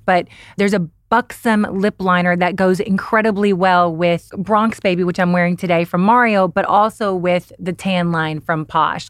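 A woman with a lowish voice chats about makeup on a podcast, eager and talkative. The sound is dry and close, with no room around her. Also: no echo. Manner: chatty, enthusiastic product recommendations. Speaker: podcast co-host. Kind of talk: casual beauty podcast chat.

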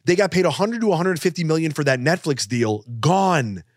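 A man's voice: fairly high pitch, lively intonation, brisk, dry recording, studio quality. A man co-hosting a comedy podcast, joking and rambling with lots of fillers. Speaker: podcast co-host. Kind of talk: casual comedic chat.

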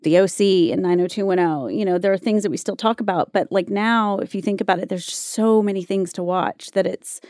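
Chatty woman with a smooth, clear voice. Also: mid-range voice, brisk, hardly any pauses, a little mellow, dry recording, clean studio sound. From North Carolina, USA. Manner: chatty storyteller, frequent fillers and laughs. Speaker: actress guest. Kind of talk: casual interview chat.

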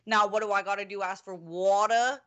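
A woman's voice: mid-range voice, steady tone, brisk, fairly bright tone, natural voice. Woman putting on a cussing boston lady chewing people out. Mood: scolding. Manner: scolding, swearing. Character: scolding foul-mouthed Boston woman.

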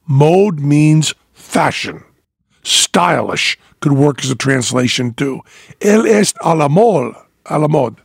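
A podcast host with a fairly high, creaky voice chats casually and cracks jokes, laughing often and hamming up a French accent. The audio is studio quality with no echo.

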